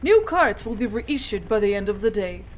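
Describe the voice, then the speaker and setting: A woman voicing a formal corporate admin notice in a flat, official manner. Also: mid-range voice, moderate pace, a little hiss or hum, voice pushed down, natural voice. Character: stiff corporate admin announcement.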